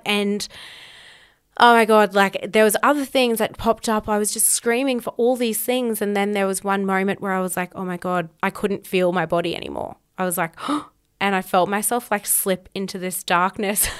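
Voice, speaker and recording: A woman's voice: medium pitch, smooth. A woman podcast host telling a personal story in an emphatic, candid way, swearing freely.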